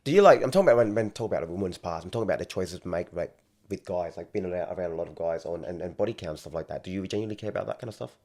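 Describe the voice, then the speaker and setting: A man hosting a casual podcast chat, asking probing questions between quick agreeing interjections. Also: low-pitched, expressive, darkish tone.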